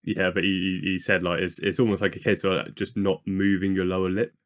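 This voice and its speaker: Lower-voiced man, hesitant podcast chat. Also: level tone, fairly quick, a bit bright. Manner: hesitant, lots of ums and likes. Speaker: podcast co-host. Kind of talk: casual chat.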